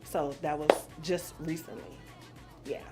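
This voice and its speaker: A woman's voice: deep voice, fairly even intonation, a little slow, loud music behind the voice. A woman in her forties from New Orleans, answering questions in a blunt, profane casual chat and laughing easily. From New Orleans, USA. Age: 40s.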